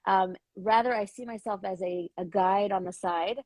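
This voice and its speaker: Woman with a rough morning voice. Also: mid-range voice, fairly even intonation, darkish tone, dry recording. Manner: hesitant with many fillers, slow deliberate listing. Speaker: educator and author, guest. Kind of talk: casual video-call interview.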